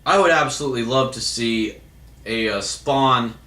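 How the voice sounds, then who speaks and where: Bright-voiced man in casual Q&A. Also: mid-range voice, moderate pace, reverberant. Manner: hesitant, many fillers and restarts. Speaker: vlogger answering viewer questions. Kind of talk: casual Q&A monologue.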